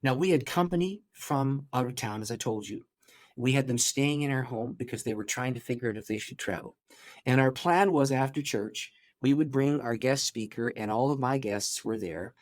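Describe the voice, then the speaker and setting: A middle-aged male pastor recounts a story in an interview. His pitch sits in an ordinary middle range. He speaks in a lively, animated way, breaking off and restarting his sentences as he goes. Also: normal speed.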